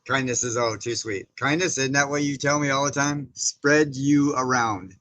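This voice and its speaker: A man's voice: mid-range voice, fairly bright tone, poor audio. A man hosting a casual livestream, chatting with viewers, greeting them by name and reading their comments aloud in a rambling way. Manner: rambling with frequent fillers and restarts. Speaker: livestream host. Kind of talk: casual live-stream chat.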